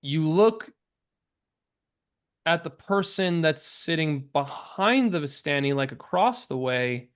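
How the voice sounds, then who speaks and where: A man narrating as game master of a tabletop game, halting and full of fillers. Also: a little high, lively intonation, clean tone. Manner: halting, many fillers and restarts.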